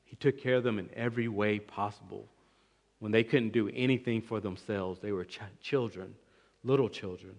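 A man preaching an expository sermon, emphatic, with swings between loud and quiet passages. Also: fairly low pitch, steady tone, normal speed, gravelly. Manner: emphatic, rising and falling in volume, restarts words. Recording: long reverb of a large hall.

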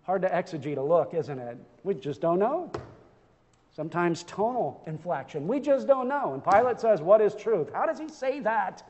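A man's voice: high-pitched, sing-song, normal speed, a little mellow, big-room sound, dull audio. A male pastor preaching a sermon, impassioned, with rhetorical questions and repeated phrases.

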